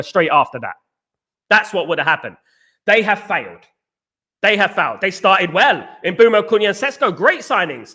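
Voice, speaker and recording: A man's voice: high-pitched, pushed and bright. A British man hosting a casual live stream, talking emphatically, repeating himself and reading viewer comments aloud. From Britain.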